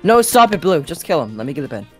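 Excitable young woman gamer, low voice. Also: fast, breathy edge, faint music behind. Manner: excitable, pleading, shouting callouts. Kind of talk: casual gaming chat.

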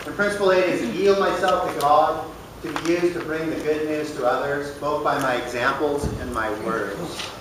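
A man's voice: on the high side, steady tone, normal speed, noisy background. A man casually teaching a church recovery group, plain-spoken, often asking the room questions. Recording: echoey room, voice from far off.

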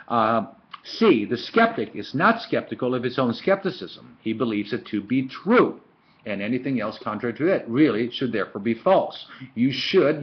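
A man teaching a philosophy lesson in a casual lecture style, full of fillers and storytelling asides, recorded on a webcam. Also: medium pitch. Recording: dull lo-fi webcam audio.

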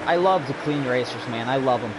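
A man's voice: mid-range voice, fairly quick, very noisy. A man streaming a racing game, ranting angrily and swearing nonstop at another player. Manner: furious, profane, ranting. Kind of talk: angry rant during live racing game stream.

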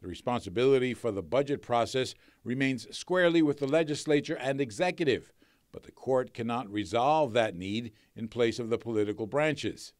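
A man reporting a broadcast news story in a measured, slightly wry delivery. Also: medium pitch, lively intonation, a little mellow, no room sound, clean studio sound.

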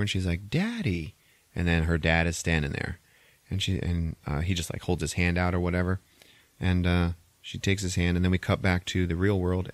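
A man's voice: low-pitched, dry recording. A man hosting a podcast, retelling a film plot in a rambling, profane, casual way full of filler words. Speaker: podcast host. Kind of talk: casual movie recap.

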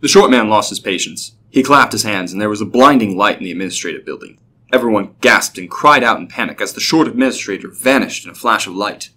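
Low-voiced man narrating a story. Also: expressive, fast talker, sharp tone, slight background noise.

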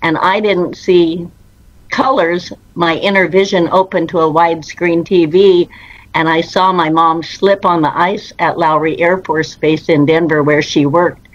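A woman guest in an interview, telling her personal story in an earnest, unhurried way with quoted dialogue. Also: on the low side, steady tone, dry recording, muffled recording.

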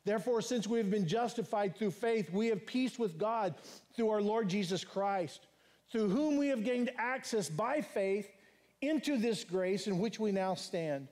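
A man's voice: high voice, lively intonation, unhurried, darkish tone. A male pastor preaching a sermon in an earnest style, repeating phrases and lifting his voice for emphasis. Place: church.

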